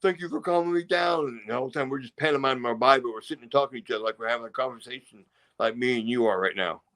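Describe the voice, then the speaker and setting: A man's voice: medium pitch, steady tone, very fast, fairly bright tone. A middle-aged man, a former wrestler, telling rambling stories in a casual interview and acting out quotes and sound effects. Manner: rambling, acts out quotes and crowd noises.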